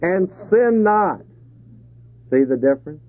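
A man's voice: on the high side, a little slow, long pauses, a little hiss or hum. Tinny old tape of a preaching man. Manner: lively preaching with rhetorical questions and chuckles. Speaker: pastor. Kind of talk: sermon. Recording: tinny phone-like 1970s tape.

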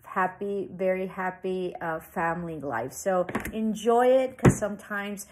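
A woman's voice: fairly low pitch, measured pace, background noise. A woman reading tarot cards for her viewers in a loose, reassuring way, full of fillers and "okay?" tag questions. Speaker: tarot reader. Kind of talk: casual tarot reading to camera.

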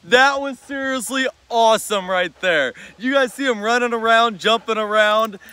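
A man with a notably high voice and a bright, forceful tone chats in a casual vlog while he trains his dog. He laughs often and barks out quick commands. He sometimes drifts away from the mic outdoors. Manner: playful, laughs often, gives short commands.

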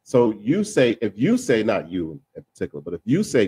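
Animated man talking in a dry studio. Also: medium pitch, fairly quick, slightly rough, no echo. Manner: animated, repeats words and trails off into filler sounds; laughs while talking. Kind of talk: casual panel discussion.

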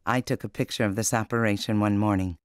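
A man giving a calm, sincere reading of recollections for a documentary. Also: lowish voice, fast, smooth, no echo, clean studio sound.

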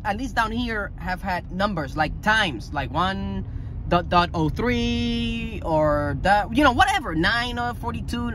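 A young man with a fairly high voice talks in a loose, excitable vlog style, swearing freely and jumping between stories. A faint background hum sits under his voice. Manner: excitable, profane, animated storytelling. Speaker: toy-hunting vlogger. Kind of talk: casual vlog chat.

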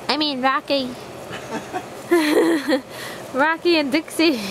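A woman's voice: fairly high pitch, animated, unhurried, noisy background. A young woman filming her dogs outdoors on a handheld camera, laughing often and chatting playfully in baby talk to her pets. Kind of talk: casual home video chat. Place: outdoors at sunset.

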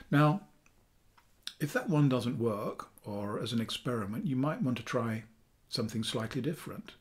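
A man, a therapist calmly teaching a self-help technique in a chatty video, with fillers, dropping softly for affirmations. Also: medium pitch. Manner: calm, chatty explaining with fillers, softening to near-whispers for affirmations. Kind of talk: talking-head teaching video.

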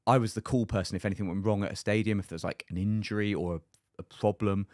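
A man, a podcast guest, telling a story in a lively, anecdotal way. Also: fairly low pitch, fast talker, dry recording, studio quality. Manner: lively anecdotal, acts out other people's lines. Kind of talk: casual storytelling.

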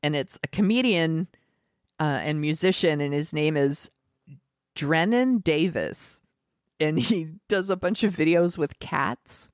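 Low-voiced woman podcast co-host. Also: measured pace, no echo, studio quality. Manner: rambling, giggly, filler-heavy recommendations. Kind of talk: casual chat.

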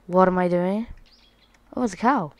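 A woman hosting a playful, excitable let's play, chatting to her viewers as she plays. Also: fairly low pitch, normal speed, dry recording. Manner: playful, excitable, talks to viewers as lads and guys. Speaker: gaming channel host.

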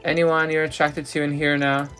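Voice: medium pitch, level tone, normal speed, fairly bright tone, soft background music, voice pushed up, natural voice. A player voicing a young sim letting a date down. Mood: awkward.

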